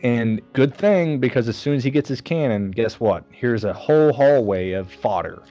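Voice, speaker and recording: A man casually ranting about a film on a podcast, sarcastic and animated, mocking the scenes in funny voices. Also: medium pitch, normal speed, highs cut off, soft background music. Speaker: podcast co-host reviewing a film. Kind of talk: casual chat.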